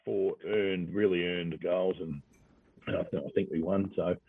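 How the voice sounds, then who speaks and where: This Western Australian ex-footballer has a low, breathy voice with fairly even intonation and an unhurried delivery, and his Australian accent carries through rambling, laughter-filled stories in a casual interview. The sound is dry and tinny, like radio over a phone.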